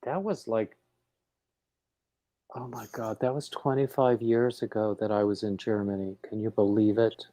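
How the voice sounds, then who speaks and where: A man's voice: fairly low pitch, steady tone, normal speed, dark tone, no echo, poor audio. Chatty middle-aged man host, dry sound. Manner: chatty storyteller. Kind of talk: casual livestream chat.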